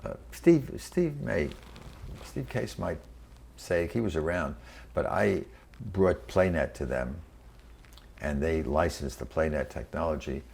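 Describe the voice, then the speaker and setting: A man in his eighties from New York City, recalling his career in a halting oral history interview full of fillers and restarts. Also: a bass voice, expressive, vocal fry, darkish tone, breathy edge. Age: 80s. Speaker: interviewee, venture capitalist. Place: quiet room.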